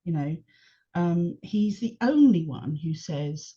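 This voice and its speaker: Dark husky-voiced woman podcast guest. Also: lowish voice, a little slow. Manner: engaged, animated retelling of scenes. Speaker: podcast guest, longtime fan. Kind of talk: casual chat. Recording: dull lo-fi podcast audio.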